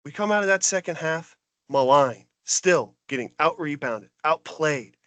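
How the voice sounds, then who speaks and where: High-voiced man on a sports rant. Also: a little slow, no echo. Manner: exasperated, animated ranting. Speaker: podcast co-host.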